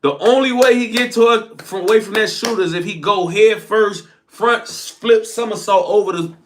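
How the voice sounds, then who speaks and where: A young man telling a story in casual street slang, animated and quick to laugh, tagging his sentences with "folks" and "bro.". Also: high-pitched, a little hiss or hum. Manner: animated slang-heavy recounting, frequent "folks" tags. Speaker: storyteller host.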